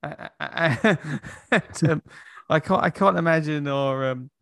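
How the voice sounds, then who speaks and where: Gravelly man, chatty and halting. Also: a little high, fairly bright tone, no echo, clean studio sound. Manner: halting, repeats words, laughs often. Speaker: podcast co-host. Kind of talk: casual film review chat.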